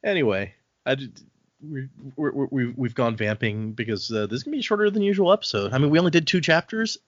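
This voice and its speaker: Rambling podcast host, dry sound. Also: male voice, medium pitch, lively intonation, fast, dry recording, dull audio. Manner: rambling, many restarts and asides. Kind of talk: casual chat.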